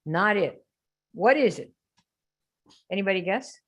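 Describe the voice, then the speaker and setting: A woman's voice: medium pitch, lively intonation, normal speed, a bit bright, husky. A woman hosting a live sales training stream, brash and teasing as she quizzes her viewers. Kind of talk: lively live-stream coaching.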